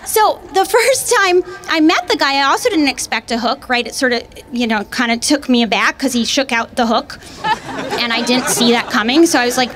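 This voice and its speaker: A woman performing stand-up in a high voice, chatting through her story in a conversational way. She keeps checking in with the crowd as she goes. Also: animated, normal speed, background noise. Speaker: stand-up comedian. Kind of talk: stand-up routine. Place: comedy venue with live audience.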